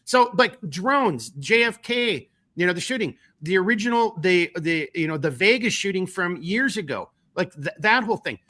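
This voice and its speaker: A man's voice: sits high, animated, moderate pace, few pauses, pushed and bright. A man with a Minnesotan accent hosting a casual political podcast, rambling with many restarts and casual swearing. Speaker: podcast host.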